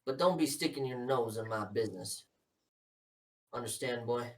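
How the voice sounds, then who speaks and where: A man voices a cold, scheming older politician father who lectures his son with quiet menace and talks down to him at every turn. The voice sits at an ordinary middle pitch and comes from a little distance off the microphone. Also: moderate pace, natural voice. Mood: menacing.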